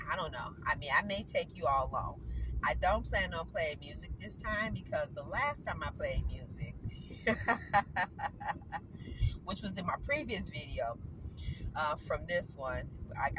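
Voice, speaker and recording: A woman's voice: sits low, animated, a little slow. A woman vlogger with a stuffy nose from a cold, chatting casually and rambling to her viewers while out on errands. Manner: rambling, chatty, self-correcting. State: congested with a cold. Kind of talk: casual chat to camera. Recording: noisy vehicle background.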